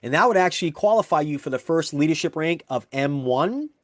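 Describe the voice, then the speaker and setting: A man presenting a network marketing pay plan, walking through examples in an eager, repetitive sales pitch. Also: lively intonation, brisk, no echo.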